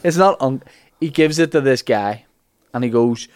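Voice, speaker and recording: A man retelling an old legend as comic chat, acting out the characters' lines in animated bursts. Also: medium pitch, moderate pace, dry recording. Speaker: podcast host telling a legend.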